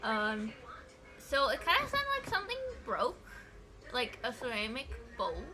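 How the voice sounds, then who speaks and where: A woman's voice: fairly high pitch, very animated, unhurried, over music. A woman streaming her reactions to scary videos, chatty and jokey, with exclamations and giggles. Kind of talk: casual reaction commentary.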